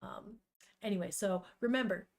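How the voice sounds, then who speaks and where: A woman's voice: medium pitch, normal speed. A young woman on a casual live stream, reading a manga aloud, chatting with viewers, swearing freely and laughing often.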